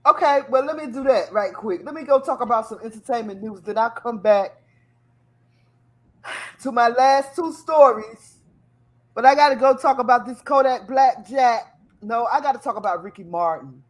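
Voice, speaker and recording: A woman hosting a casual live chat show, animated and teasing, laughing often as she talks. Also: fairly high pitch, moderate pace. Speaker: talk show host.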